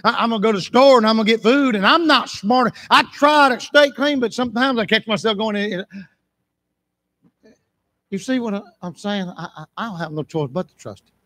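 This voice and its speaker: A man preaching a sermon in church, impassioned, repeating phrases for emphasis and breaking into shouts. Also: high-pitched, fairly quick.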